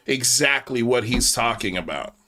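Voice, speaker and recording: A man's voice: mid-range voice, animated, moderate pace, pushed and bright, slight background noise. A man hosting a casual commentary stream, mocking and profane as he talks. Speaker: host.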